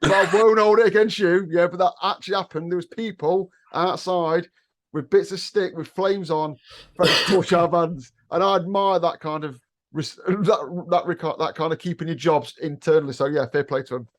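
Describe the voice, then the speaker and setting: Man, English accent, fairly high voice, co-host, joking, cheeky storytelling. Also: fairly even intonation, normal speed. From England. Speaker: podcast co-host. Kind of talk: casual podcast storytelling.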